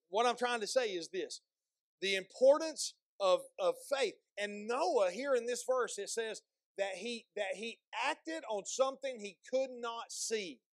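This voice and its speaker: A male pastor preaching a sermon, asking the congregation questions and slowing down to read scripture aloud with emphasis. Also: high voice, no room sound. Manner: slows and stresses when reading scripture aloud; repeats words and restarts phrases, asks the congregation questions.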